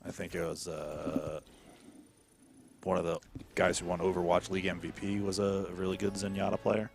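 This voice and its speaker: Gravelly low-voiced young man ranting casually. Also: little pitch movement, normal speed, darkish tone. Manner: swears freely, rants about the game. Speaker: streamer. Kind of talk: casual gaming chat.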